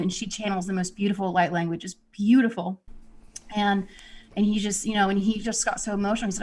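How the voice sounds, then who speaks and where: A woman who works as a psychic medium talks in a loose, rambling way. She leans on "you know" and restarts her sentences often. Her voice sits at an ordinary middle pitch. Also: steady tone, fairly quick, darkish tone. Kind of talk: casual spiritual talk.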